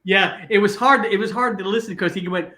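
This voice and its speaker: A man's voice: high-pitched, fairly quick, sharp tone. An older man, a guest, telling stories animatedly with lots of fillers and restarts. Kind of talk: casual storytelling. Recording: roomy echo.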